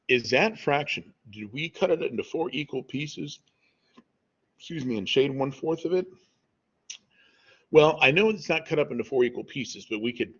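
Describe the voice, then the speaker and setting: A man with a husky, slightly breathy voice walks through math problems in a relaxed, conversational tone, checking in with "okay?" as he goes. The audio is dull and lo-fi, like a home screen recording. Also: mid-range voice. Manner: conversational, says "y'all" and "okay?" often. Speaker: math teacher.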